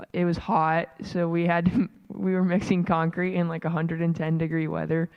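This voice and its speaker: A woman's voice: lowish voice, smooth. A teenage girl casually recounting a mission trip work site in church. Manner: casual, laughing storyteller. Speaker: youth mission trip member. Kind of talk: church testimony. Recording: dull sound in a reverberant hall.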